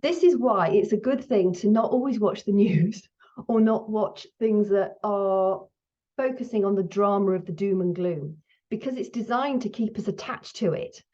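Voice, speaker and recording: A middle-aged woman hosting her own menopause video, talking candidly to camera while still shaken, her breathing high. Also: moderate pace, warm tone. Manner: chatty, candid, laughs now and then. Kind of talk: casual talk to camera. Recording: slightly dull lo-fi sound.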